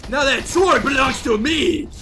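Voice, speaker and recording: A male gaming host giving live gameplay commentary, excitable, whooping and playfully taunting opponents. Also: very high voice, a little slow, slight background noise.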